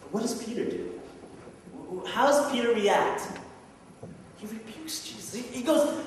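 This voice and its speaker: A man's voice: very high voice, animated, unhurried, long pauses, slight background noise. A man pastor preaching a sermon in a church sanctuary, asking rhetorical questions with conversational asides, heard from far off. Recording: echoey church hall from far off.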